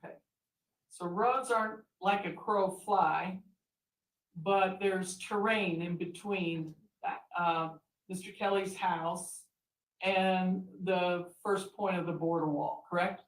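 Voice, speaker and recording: A woman attorney questioning a witness in a courtroom, asking deliberate, leading questions. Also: on the low side, fairly even intonation. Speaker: defense attorney. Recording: echoey courtroom audio from far mic.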